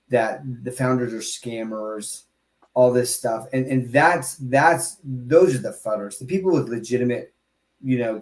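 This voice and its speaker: A man hosts a casual podcast chat and talks with a lot of emphasis, breaking off into quick asides and restarting his sentences. His voice sits in a middle range, and the room around him sounds noticeably echoey. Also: medium pitch. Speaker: podcast host.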